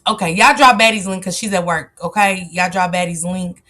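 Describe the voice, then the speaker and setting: Woman doing a casual livestream, AAVE, keeps shouting out viewers by name, stretches her hellos. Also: fairly low pitch. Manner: greets chat viewers by name, drawn-out excited calls. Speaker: livestream host.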